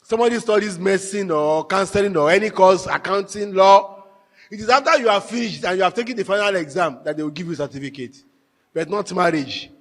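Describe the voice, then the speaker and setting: A man giving a marriage workshop talk to a live audience, telling stories with animated, emphatic repetition. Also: high voice, fairly quick. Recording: echoey hall with long reverb.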